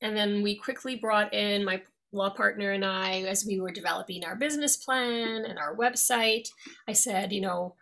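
Bright-voiced middle-aged woman attorney. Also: mid-range voice, steady tone, normal speed. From New York. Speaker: guest, attorney. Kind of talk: interview conversation.

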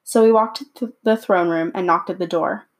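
A woman reading a storybook chapter aloud at a measured, unhurried pace with small slips. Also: mid-range voice. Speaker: reader.

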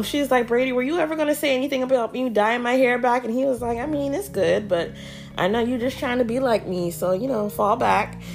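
Animated woman recapping a show, slangy. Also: on the low side. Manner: animated, slangy, dramatic reenactments with laughs. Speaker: podcast host recapping a TV show. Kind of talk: casual chat recap.

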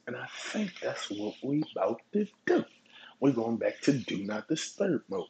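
A man hosting his own podcast, telling stories in a relaxed, profane way and chuckling often. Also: medium pitch, normal speed, slight background noise, poor audio. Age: adult. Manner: laid-back, profane storytelling with chuckles. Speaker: podcast host. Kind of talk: casual solo podcast monologue.

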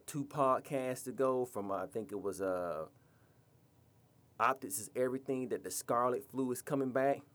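A man hosting a podcast, ranting in a blunt, profane, scolding way. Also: medium pitch. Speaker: podcast host. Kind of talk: podcast rant.

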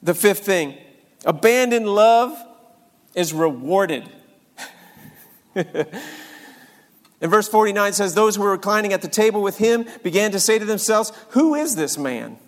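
A man preaching a sermon, moving between quiet scripture reading and fervent, exclaimed prayer. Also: high voice, expressive, takes it slowly, pauses often, big-room sound.

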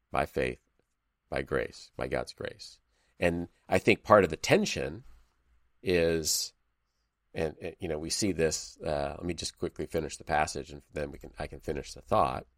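A podcast host leads a casual, conversational Bible study, thoughtfully reading scripture aloud between many fillers. His voice is a rumbling low with fairly even intonation and a slightly slow pace, captured in clean, echo-free studio sound.

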